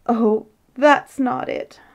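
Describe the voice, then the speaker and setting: A woman voicing a fretful, tearful queen who argues sharply, pitched high and sobbing, in a storybook reading. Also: unhurried, a little mellow, close to an everyday voice.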